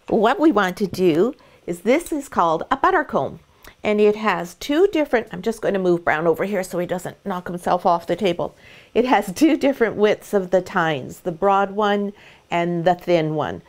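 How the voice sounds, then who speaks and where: A middle-aged woman, a dog breeder, giving a gentle, calm demonstration of how to groom a puppy. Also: mid-range voice. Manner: sing-song baby talk to the puppy.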